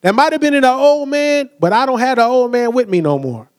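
A man's voice: very high voice, animated, a little fast. A young man preaching a sermon with energy, acting out quoted voices and asking the crowd to say words back.

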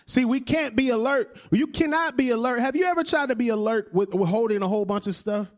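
A man in his thirties preaches in a very high-pitched, fairly quick voice, keeping his sermon conversational. He often asks "right?" and joins the congregation's laughter.

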